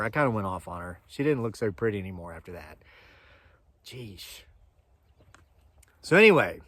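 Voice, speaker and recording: A man's voice: on the low side, expressive, moderate pace, long pauses, a bit bright, no room sound. A man from Appalachia telling a long, rambling story to his viewers in a casual, chatty way, with frequent asides and digressions. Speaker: homesteading channel host.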